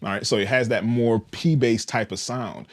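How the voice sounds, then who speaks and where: A man casually demonstrating and explaining a bass guitar's controls, in a relaxed, explanatory way with frequent "all right" checks. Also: normal speed. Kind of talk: casual instructional demo.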